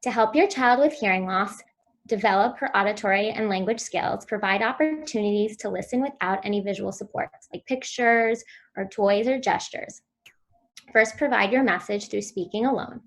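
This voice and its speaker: A woman presents a virtual conference talk on speech therapy, explaining clearly and instructively and at times modeling sounds for children. Her voice is medium-pitched at a moderate pace.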